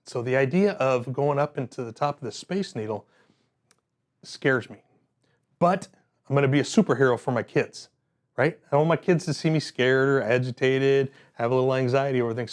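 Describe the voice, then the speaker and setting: A man's voice: mid-range voice, darkish tone. A man teaching a workplace safety class, telling personal stories in a conversational way with frequent fillers.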